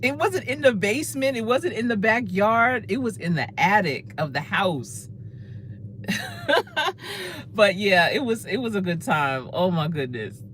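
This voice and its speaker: A woman's voice: mid-range voice, animated, measured pace, fairly bright tone, slight background noise. A woman in her fifties, a career coach, telling a casual story and laughing often.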